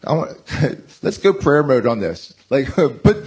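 Male pastor, 40s, casual sermon; husky voice, very lively swings of pitch, self-mocking anecdotes. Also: unhurried, hardly any pauses. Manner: animated, self-mocking storytelling. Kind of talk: conversational sermon.

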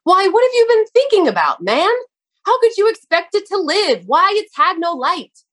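A woman's voice: mid-range voice, lively intonation, measured pace, lightly acted. A woman reading aloud and voicing a kindly male nursery gardener who explains things earnestly to a lad. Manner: earnest, explaining, sometimes exclaiming.

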